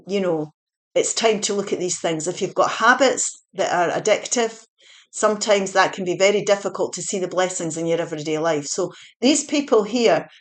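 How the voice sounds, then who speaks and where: A woman giving a spiritual pick-a-card tarot reading, earnest and encouraging, repeating her points with small fillers. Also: lowish voice. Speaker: tarot reader.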